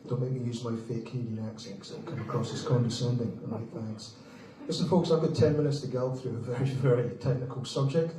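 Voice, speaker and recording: A man giving a brisk, joking conference talk and addressing the audience casually as folks. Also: mid-range voice, dark tone, a little hiss or hum. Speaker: conference speaker. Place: large conference hall. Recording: echoey hall, distant mic, faint ambience.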